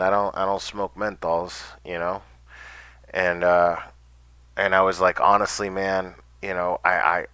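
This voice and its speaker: A man's voice: deep voice, pushed and bright, no room sound. A man telling a personal story casually, rambling with stammered restarts and swearing.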